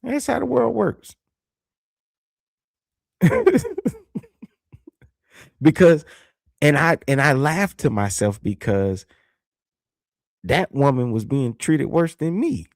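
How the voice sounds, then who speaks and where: Low gravelly guy rambling on a livestream, dry close sound. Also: big pitch swings, slow, pauses often, no room sound. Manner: laid-back, rambling storytelling with fillers; reads viewer comments aloud. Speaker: livestream host. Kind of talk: casual livestream chat.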